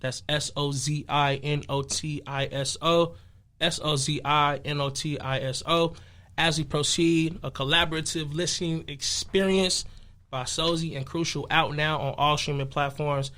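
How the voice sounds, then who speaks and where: Laid-back young man with a flat voice. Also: on the high side, moderate pace. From west side of Chicago. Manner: laid-back, loose and conversational, with many fillers. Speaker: guest musician. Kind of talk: casual interview chat.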